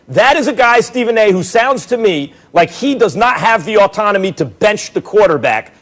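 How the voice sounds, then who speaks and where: Man, sports debate panelist, high voice, very lively intonation, animated, sarcastic. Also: moderate pace. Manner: animated, sarcastic, mimics others. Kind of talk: heated studio sports debate.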